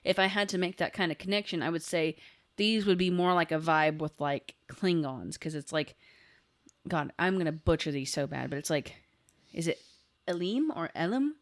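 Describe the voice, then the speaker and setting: A woman's voice: sits low, steady tone, normal speed. A woman in her thirties co-hosting a podcast in casual chat, rambling with lots of filler words and eager asides. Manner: rambling, full of "like" fillers, enthusiastic. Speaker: podcast co-host.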